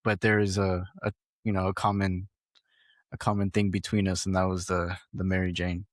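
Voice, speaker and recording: A man's voice: low-pitched, little pitch movement, moderate pace, no echo, studio quality. A man on a podcast telling a rambling, profane story in casual talk, full of fillers.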